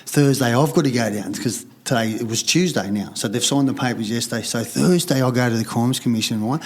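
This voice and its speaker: A middle-aged podcast guest from Sydney, Australia, speaks fairly quickly in a mid-range voice. Fired up and rambling, he tells a candid story full of heavy swearing, acting out what other people said.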